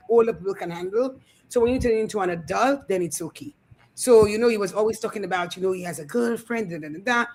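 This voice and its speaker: A middle-aged woman co-hosting a casual talk show, telling animated family stories and acting out the voices. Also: medium pitch, low-quality recording. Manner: animated storyteller, acts out quotes. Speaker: co-host. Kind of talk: casual storytelling chat. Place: studio.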